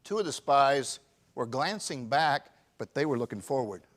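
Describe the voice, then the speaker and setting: A pastor in his fifties preaching a sermon, swinging from shouted emphasis to quiet, personal confession. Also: medium pitch, lively intonation, normal speed. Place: church.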